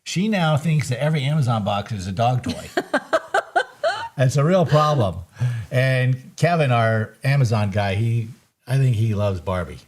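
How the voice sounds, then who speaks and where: A man's voice: mid-range voice, unhurried. A man hosting a live market recap from his trading desk, chatting casually and joking over the charts. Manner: excitable and joking, bursts of laughter.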